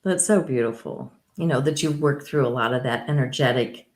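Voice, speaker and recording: A middle-aged woman hosting a podcast interview, affirming and reflective, with a deep, rich tone. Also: brisk, a little mellow. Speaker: podcast host. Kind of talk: conversational interview. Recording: roomy echo.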